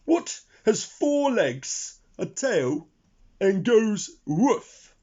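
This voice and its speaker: Man reading as a mocking storybook elephant; high, husky, lively. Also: drawn-out words, exaggerated voice. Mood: teasing. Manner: mocking, teasing. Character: sniggering clever elephant. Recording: dull lo-fi recording.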